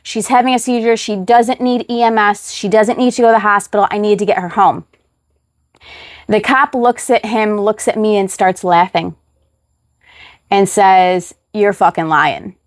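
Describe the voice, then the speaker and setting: A woman telling a personal story as a guest, animated, acting out the voices of the people in it. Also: mid-range voice, moderate pace, no echo, studio quality. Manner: animated retelling, acts out quoted voices.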